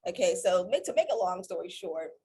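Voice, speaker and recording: A woman's voice: on the low side, animated, a little fast, dark tone, slight background noise. A woman co-hosting a casual storytime chat, rambling and interrupting herself as she tells her side. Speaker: co-host.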